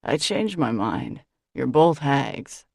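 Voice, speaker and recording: A woman's voice: rumbling low, sing-song, takes it slowly, vocal fry, breathy edge, no echo, voice pushed down, full character voice. A woman voicing a hungover, sardonic young man who teases his sisters in a dry, mocking way. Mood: teasing.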